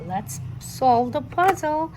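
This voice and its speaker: A young woman teaching toddlers, asking questions in a slow singsong way. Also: high-pitched, expressive, mellow, a little hiss or hum. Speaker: children's teacher.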